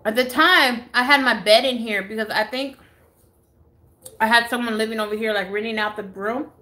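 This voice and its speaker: Woman in her own home, live phone vlog, tells a story casually, swears a lot and acts out every quote, bright and lively. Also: a little high, moderate pace. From United States. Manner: animated, swears freely, acts out others' lines. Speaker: beauty vlogger. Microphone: phone camera.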